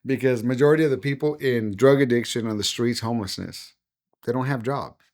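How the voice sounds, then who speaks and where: A man's voice: medium pitch, a little fast, darkish tone. A man, a pastor, talking in a casual podcast conversation in an earnest, preacherly way. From United States. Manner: earnest, preacherly, acts out quoted voices. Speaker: pastor and guest.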